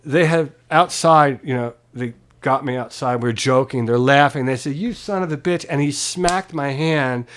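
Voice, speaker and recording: A man's voice: medium pitch, unhurried, few pauses. A man being interviewed at home, telling a long story casually, acting out the other people in it and swearing freely. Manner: animated, swears freely, acts out quoted voices. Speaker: guest musician. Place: private home.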